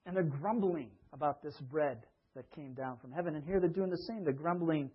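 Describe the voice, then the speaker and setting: Husky-voiced man preaching a sermon. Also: a little high, moderate pace, few pauses, dull audio. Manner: conversational, asks listeners questions. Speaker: pastor.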